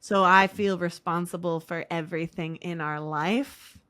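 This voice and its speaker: A woman in her thirties, a comedian, chatting casually and rambling with lots of fillers, quick to laugh. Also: fairly low pitch, fairly even intonation, a bit bright, no room sound. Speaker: comedian guest in couples therapy talk. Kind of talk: casual chat.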